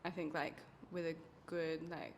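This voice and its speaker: Give me a young woman co-hosting a chatty podcast, teasing and quick to laugh. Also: deep voice, flat delivery, slight background noise. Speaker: podcast co-host. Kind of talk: casual chat.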